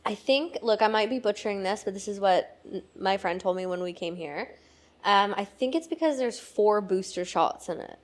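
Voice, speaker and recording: A woman's voice: medium pitch, moderate pace. A woman from Quebec with a Quebecois French accent, a native French speaker co-hosting a casual podcast chat in a lounge bar and telling stories with frequent laughs. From Quebec, Canada. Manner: lively storyteller, laughs often. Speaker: podcast co-host.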